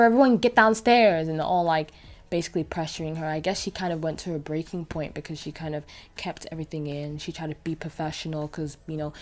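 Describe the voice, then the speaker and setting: A young woman talks through a cartoon episode in a loose, chatty review, stumbling over words and circling back as she goes. Her voice sits a little low for a woman. Faint music plays quietly behind her. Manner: chatty and animated, with many fillers and restarts. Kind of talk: casual spoken episode review.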